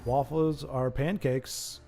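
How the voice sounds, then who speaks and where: With background music behind him, a man talks slowly in a steady, medium-pitched voice with vocal fry. He hosts a live stream, chatting with viewers and rambling through jokey, self-deprecating commentary on a card game match.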